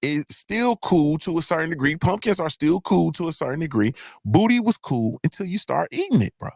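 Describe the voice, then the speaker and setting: Animated man ranting on a live show. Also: fairly high pitch, brisk, creaky, no echo, studio quality. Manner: animated, repetitive, profane. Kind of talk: casual comedic rant.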